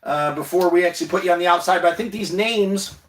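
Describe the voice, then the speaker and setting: A man hosts a casual livestream from inside his bus. His voice sits a little high for a man, and he talks straight to the people watching, encouraging them and swearing casually. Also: fast, background noise. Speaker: livestream host.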